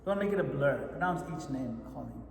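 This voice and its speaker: In a retreat hall with long, echoing reverb, a man teaching japa meditation coaches participants and frequently checks they're keeping up. His mid-range voice is gravelly and lively, a little fast, with slight hiss or hum on the recording.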